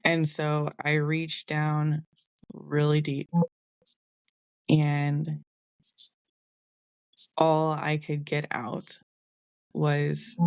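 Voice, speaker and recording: Low, slow-talking woman telling her story. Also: completely flat delivery, clear, resonant tone, no room sound. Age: young adult. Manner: candid, conversational, Southern 'y'all'. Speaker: podcast host. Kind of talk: personal storytelling.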